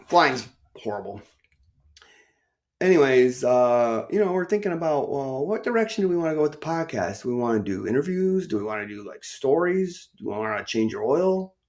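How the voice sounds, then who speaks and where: A middle-aged man from northern Illinois hosting a podcast, telling a story in a chatty, excitable, rambling way. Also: fairly high pitch. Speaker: podcast host. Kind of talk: casual storytelling.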